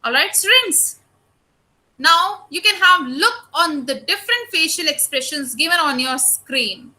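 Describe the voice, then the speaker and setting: A woman teacher with an Indian English accent giving an online lecture, explaining slowly and addressing her students often. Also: high voice, lively intonation, bright, forceful tone, poor audio.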